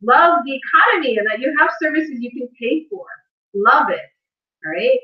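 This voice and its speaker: Woman, motivational talk, earnest and tearful, fairly high voice, far from the mic, echoey dull recording. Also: lively intonation, normal speed. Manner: earnest, tearful, laughs often. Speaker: host of a live stream on wealth. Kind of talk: emotional motivational talk to live viewers. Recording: distant roomy mic, dull sound.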